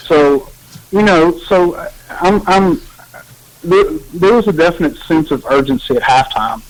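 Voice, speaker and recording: A man with a fairly high voice chats casually as a podcast co-host. He rambles in a relaxed way and restarts his sentences often, and the recording has a radio-like broadcast sound. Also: a little slow, low-quality recording. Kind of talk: casual chat.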